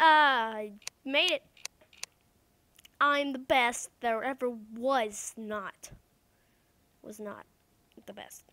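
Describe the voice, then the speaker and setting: A woman giving casual, excitable let's-play commentary, talking to the game's creatures and repeating words as she plays. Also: high voice, background noise. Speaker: gamer.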